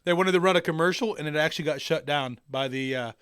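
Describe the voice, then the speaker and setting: A man co-hosting a podcast, crude and excitable in his banter. His voice is high and bright, smooth and clear. The recording is dry and close. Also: fast talker, no room sound. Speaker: podcast co-host.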